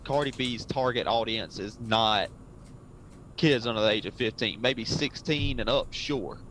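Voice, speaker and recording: A man co-hosting a podcast over a video call, making his case in a measured casual chat. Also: medium pitch, fairly bright tone. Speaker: podcast co-host. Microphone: remote video call. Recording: noisy, clicking remote connection.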